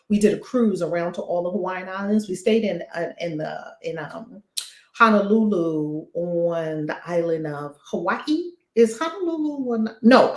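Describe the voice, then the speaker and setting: A woman hosting a casual chat, enthusiastic and full of exclamations. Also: medium pitch. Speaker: host. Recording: roomy echo.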